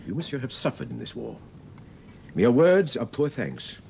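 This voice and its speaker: A man's voice: mid-range voice, big pitch swings, normal speed, vocal fry, a little mellow, slight background noise. An older man playing a retired stage actor in a period TV drama, speaking in a grand, courtly, theatrical way.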